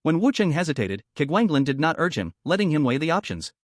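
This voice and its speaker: Brief: male narrator for a horror web story, steady and even, slightly high voice, dry close mic. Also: fast talker, no room sound.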